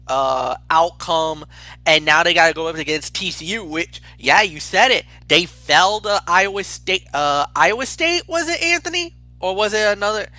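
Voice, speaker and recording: A man co-hosting a casual football picks show, talking in an excitable, rambling way with frequent restarts. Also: fairly high pitch, no room sound. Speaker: co-host picking games. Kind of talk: casual sports picks chat.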